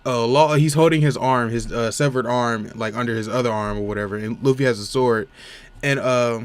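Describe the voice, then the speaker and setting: A man's voice: mid-range voice, steady tone, fairly quick, clean tone, dry recording. A man giving a casual, rambling recap of a comic chapter, full of fillers and restarts. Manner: rambling, many fillers like "you know what I'm saying". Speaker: manga reviewer.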